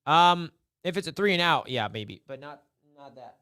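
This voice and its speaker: Smooth-voiced young man streaming sports chat. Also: a little high, animated, moderate pace, pushed and bright, no room sound, studio quality. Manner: rambling, mock-despairing, repeats himself. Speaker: live stream host.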